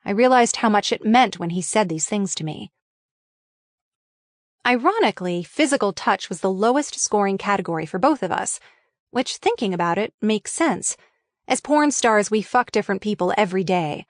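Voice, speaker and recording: A woman's voice: medium pitch, animated, normal speed, dry recording. A woman reading her memoir as an audiobook, frank and wryly candid in delivery. Her voice sits in a middle register, recorded close on a studio mic in a dry, dead booth.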